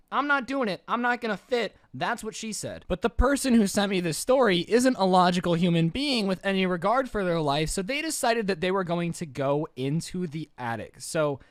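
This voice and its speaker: High, lively storytime guy. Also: no room sound, studio quality. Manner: animated, joking, exaggerated asides. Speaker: storytime narrator. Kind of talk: casual storytime narration.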